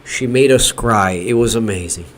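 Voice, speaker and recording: A man from Brazil hosting a live watch-party stream from his home studio, shouting elated cheers between chatty remarks. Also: on the low side, moderate pace. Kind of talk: excited live-stream chat.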